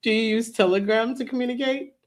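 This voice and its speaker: A woman reading aloud an attorney's questions in a deposition during a live stream, at an even, methodical pace. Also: fairly high pitch, quick pace, close to an everyday voice.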